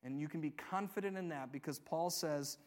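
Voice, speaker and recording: A male pastor preaching a sermon, earnest, swinging between loud emphatic lines and soft hushed ones, often asking the congregation rhetorical questions. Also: a little high, a little fast.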